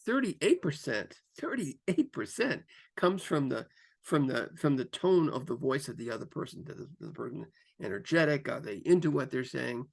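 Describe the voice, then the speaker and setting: A man's voice: moderate pace, gravelly, slightly rough. A man giving career coaching advice to camera, varying his pace and tone for emphasis and often repeating himself with fillers. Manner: lively, shifts pace and pitch for emphasis; repeats phrases, frequent fillers. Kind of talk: instructional talk to camera.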